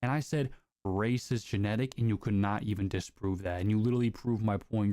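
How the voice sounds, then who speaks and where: A man streaming live, arguing in a combative, profane, quick-fire way. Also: on the low side, warm tone, no echo. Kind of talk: heated casual argument.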